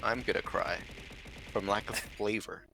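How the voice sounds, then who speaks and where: Sarcastic low-voiced man in mock outrage. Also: steady tone, measured pace, gravelly, pushed and bright, soft background music. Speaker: guest streamer. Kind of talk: casual chat.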